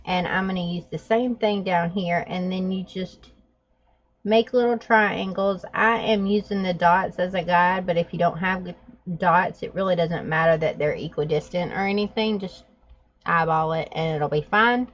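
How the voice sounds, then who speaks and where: A woman's voice: on the low side, fairly even intonation, normal speed. A woman vlogging, telling a story with laughs and then walking through a drawing tutorial in casual chat. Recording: dull lo-fi sound.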